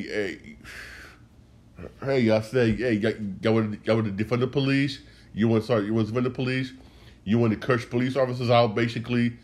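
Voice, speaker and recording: A man's voice: medium pitch, darkish tone. A man hosting a solo podcast, ranting in a heated way, repeating himself and speaking straight to his listeners. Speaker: podcast host.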